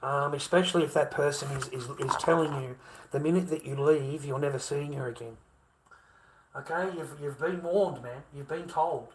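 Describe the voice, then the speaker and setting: A man's voice: on the high side, moderate pace, noisy background. A middle-aged Australian man ranting casually to camera, rambling and heavy with profanity. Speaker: vlogger.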